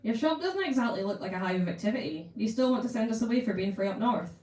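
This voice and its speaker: A woman's voice: on the high side, lively intonation, fast talker, darkish tone, voice pushed up, lightly acted. Woman voicing cocky rogue girl. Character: bold young female rogue, playful and defiant. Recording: roomy, distant mic.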